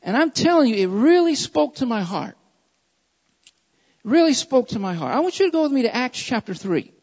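A woman's voice: a little high, very animated, moderate pace, a little mellow, breathy edge. A woman preaching a sermon to a congregation, impassioned and repeating lines for emphasis. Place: large church hall. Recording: dull recording in echoing hall.

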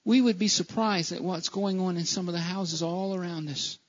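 A man's voice: sits high, steady tone, normal speed. A man preaching a sermon in a church, impassioned, often stumbling and restarting his phrases. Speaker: pastor. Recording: dull lo-fi church recording.

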